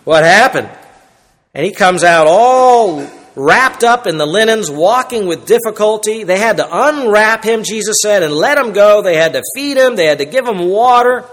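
High-voiced man preaching in an echoing hall. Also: expressive, normal speed. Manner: emphatic preaching, rising and dropping in loudness. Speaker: pastor. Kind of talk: sermon. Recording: long reverb in a large hall.

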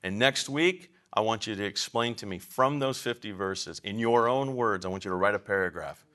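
A man's voice: on the low side, moderate pace, a bit bright. A man teaching a class on biblical counseling, lecturing in an emphatic, conversational way and asking the room questions.

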